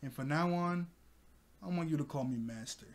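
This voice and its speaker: A man casually recapping a cartoon episode for his channel, excitable, laughing often and breaking into loud exclamations. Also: on the high side, moderate pace.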